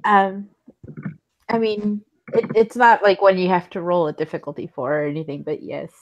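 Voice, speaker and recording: A woman's voice: mid-range voice, flat delivery, moderate pace, a little mellow, dull audio. A woman running a tabletop game as storyteller, narrating casually with lots of fillers, restarts and laughter. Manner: giggly, with many fillers and restarts.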